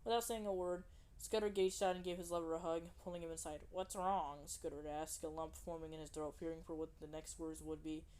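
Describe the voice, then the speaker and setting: A woman's voice: low voice, flat delivery, quick pace, mellow. A woman reading fan fiction aloud, stumbling over names and correcting herself with amusement. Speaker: reader.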